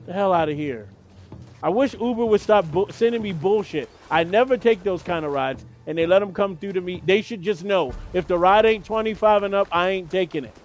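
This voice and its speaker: A man's voice: high voice, fairly quick, soft background music. A man chatting casually while streaming a game, venting bluntly with plenty of profanity. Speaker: gaming streamer. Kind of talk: casual chat while playing.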